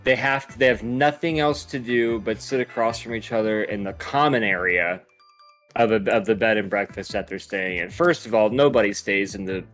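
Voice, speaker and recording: A man's voice: lowish voice, moderate pace, fairly bright tone, soft background music. A man co-hosting a casual podcast, talking in a sarcastic, critical way. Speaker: podcast co-host. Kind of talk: casual chat.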